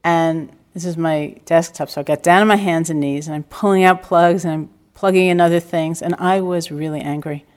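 An older woman teaching meditation in a calm, reflective dharma talk, telling stories with gentle self-deprecating humor. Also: lowish voice, normal speed, hardly any pauses. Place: retreat center hall.

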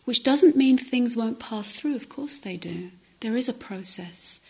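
A woman meditation teacher giving a gentle, reflective dharma talk at a retreat, often dropping to a soft near-whisper. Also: fairly high pitch, lively intonation, measured pace. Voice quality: breathy, often drops to a whisper. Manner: gentle, reflective, with hesitant restarts. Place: retreat center meditation hall.

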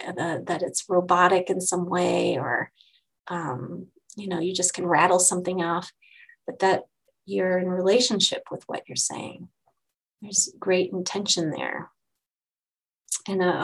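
A woman meditation teacher giving a dharma talk to her group, gentle and unhurried, pausing and restarting often. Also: fairly low pitch, vocal fry, husky, rough recording.

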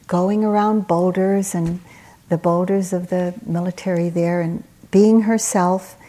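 A woman meditation teacher giving a dharma talk at a retreat, telling stories in a gentle, unhurried way with soft pauses. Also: on the low side.

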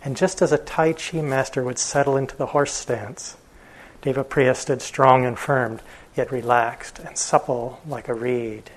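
A male meditation teacher telling a story in a dharma talk, relaxed, with fillers and chuckles. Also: medium pitch, measured pace, rough recording.

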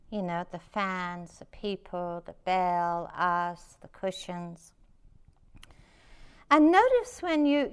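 A woman meditation teacher giving a reflective, gently inviting dharma talk at a retreat. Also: mid-range voice, clean tone.

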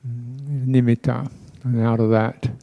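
A man giving a dharma talk as a Buddhist teacher, reflective and unhurried, pausing often with soft laughs and playful imitations of speech sounds. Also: medium pitch, level tone, vocal fry, dull audio. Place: temple hall.

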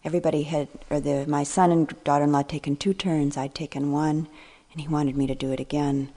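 Brief: older female meditation teacher, low and mellow, gentle reflective dharma talk, phrases fading almost to a whisper. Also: steady tone. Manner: slow, reflective, trailing phrases, sometimes dropping to a near whisper.

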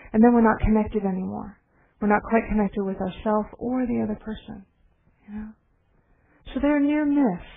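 Brief: middle-aged woman teacher, gentle reflective dharma talk, tinny phone-like sound. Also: medium pitch. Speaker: meditation teacher.

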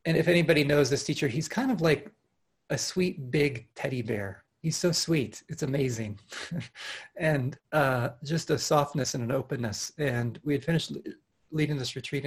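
A man teaching meditation at an online retreat, speaking earnestly and with animation, often restarting his phrases and laughing softly. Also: mid-range voice, moderate pace, slightly rough. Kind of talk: dharma talk at an online retreat. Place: home, over a video call.

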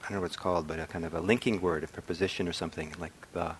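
Middle-aged male meditation teacher, low voice, reflective and unhurried, faint room hum behind him. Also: fairly even intonation. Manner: soft-spoken, reflective, with frequent ums and restarts. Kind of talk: dharma talk. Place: meditation hall.

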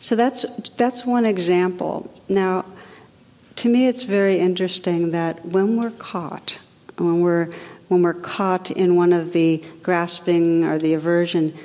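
A woman meditation teacher giving a spiritual talk in a gentle, reflective, unhurried way with soft drops in her voice. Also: fairly low pitch. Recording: long reverb of a large hall.

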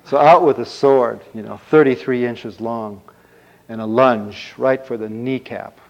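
A male meditation teacher telling a folk tale in a dharma talk, animated and full of vocal sound effects. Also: medium pitch, measured pace, creaky, highs cut off.

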